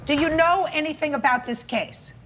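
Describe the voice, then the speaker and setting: A woman's voice: high voice, normal speed, a bit bright, a little hiss or hum. A woman judge questioning a litigant in court, blunt and skeptical.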